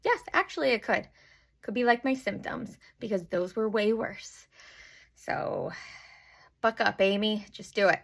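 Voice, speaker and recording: A woman's voice: medium pitch, lively intonation, measured pace, gravelly. A woman telling her personal story straight to camera in a candid, nervous, self-deprecating way, at times tearful. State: emotional, tearful. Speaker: vlogger.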